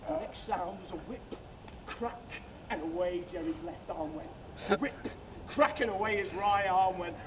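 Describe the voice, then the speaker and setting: A man's voice: high-pitched, animated, moderate pace, recorded from a distance. A man, leading a comic ghost walk outdoors at night and telling tales to his group with theatrical flair. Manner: theatrical, jokey, addresses the crowd as sir and madam. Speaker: ghost walk tour guide. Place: outdoors on city streets at night. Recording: lo-fi with loud street noise.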